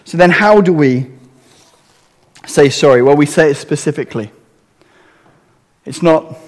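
A man preaches to his congregation in an earnest, conversational way, often turning to rhetorical questions. His voice sits somewhat high for a man. The sound carries a long reverb, as in a church hall. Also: unhurried, pauses often. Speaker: pastor. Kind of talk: sermon.

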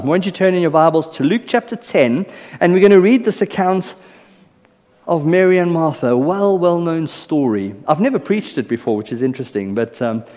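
A South African man preaches from a church stage, his voice sitting a touch higher than most men's. His talk is chatty and playful, often checking that the congregation is following. A long hall reverb trails every line. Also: darkish tone. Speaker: pastor. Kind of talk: sermon. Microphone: stage PA microphone.

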